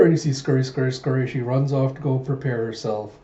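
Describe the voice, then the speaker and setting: A man's voice: mid-range voice, fast talker, dark tone. A man doing a casual manga readthrough, retelling scenes and acting out the lines. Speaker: reader, channel host. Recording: echoey room, muffled lo-fi mic.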